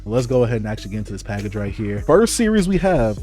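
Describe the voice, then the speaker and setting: A young man unboxing manga in an excited, playful casual vlog, exclaiming and joking. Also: on the low side, fast talker, music in the background. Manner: hyped, playful, exclamatory with laughs.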